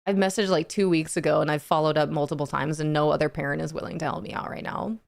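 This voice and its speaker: A woman's voice: low voice, little pitch movement, fast, creaky. A young adult woman streaming live, chatting casually with her viewers, greeting them by name and laughing often.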